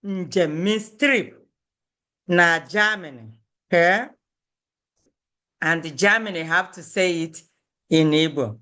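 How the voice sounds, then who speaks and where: Slow, patient Igbo language teacher. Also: mid-range voice, sharp tone. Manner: patient, repeats each phrase, checks in with "okay?". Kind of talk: language lesson, explaining and repeating phrases.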